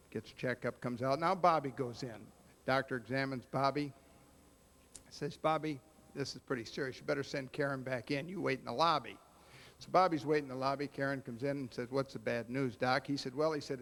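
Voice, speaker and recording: A man's voice: medium pitch, a little fast, fairly bright tone. A man emceeing a roast, telling long jokes and acting out the punchlines. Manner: joke-telling storyteller with voiced punchlines.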